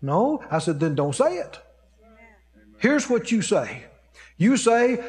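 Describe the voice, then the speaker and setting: A man's voice: high voice, big pitch swings, normal speed. A man preaching a sermon, telling a story and acting out the voices of the people in it. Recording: long hall reverb.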